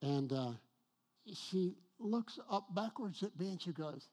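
A middle-aged male pastor preaching a sermon, telling a personal story with a husky voice that swings from hushed to loud and emphatic. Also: high-pitched, lively intonation, takes it slowly.

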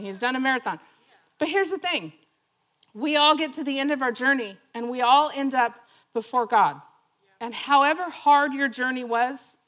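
A woman telling a personal story that turns into a lesson, laughing often and acting out other people's lines. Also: sits high. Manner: laughing often, animated retelling; acts out other voices in her story. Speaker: speaker sharing a testimony.

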